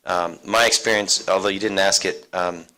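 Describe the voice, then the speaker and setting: A man's voice: deep voice, steady tone, normal speed, pushed and bright, rough recording. A man speaking on an alumni career panel at a university seminar, talking casually with fillers and restarts. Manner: conversational, many fillers and restarts.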